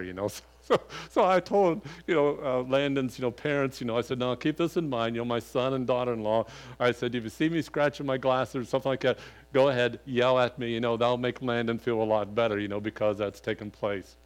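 An older male pastor delivering a sermon through a homespun anecdote. He rambles and circles back, filling gaps with "you know," and perks up when he acts out a conversation. His voice sits at an ordinary middle pitch. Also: lively intonation, normal speed. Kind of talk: sermon with folksy personal story.

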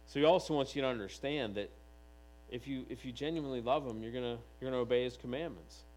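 A man preaching a sermon, reading scripture aloud and voicing the figures of the text with animated delivery. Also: mid-range voice, fast talker, low-quality recording. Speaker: pastor.

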